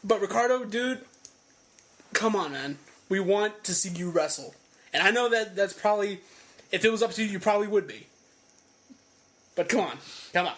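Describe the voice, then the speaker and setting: A man co-hosting a podcast in casual chat, animated and laughing often. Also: high voice, normal speed, long pauses. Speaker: podcast co-host.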